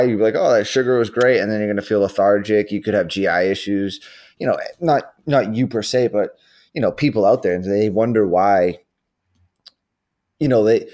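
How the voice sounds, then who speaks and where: A man co-hosting a casual podcast chat who rambles, uses lots of fillers and throws in quick asides. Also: lowish voice, darkish tone. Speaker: podcast co-host.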